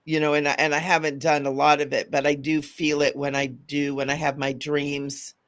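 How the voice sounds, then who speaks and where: A woman with a strongly gravelly, creaky voice co-hosts a casual spiritual talk show as a mystic. She sounds enthusiastic and affirming and keeps checking that her partner agrees. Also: deep voice, flat delivery, normal speed. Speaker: mystic co-host.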